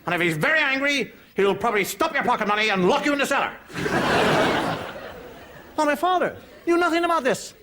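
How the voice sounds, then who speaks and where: Irish male comic, high lively voice, wry storyteller, faint hiss behind. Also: a little fast, long pauses, some chatter behind. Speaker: stand-up comedian. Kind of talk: stand-up comedy monologue.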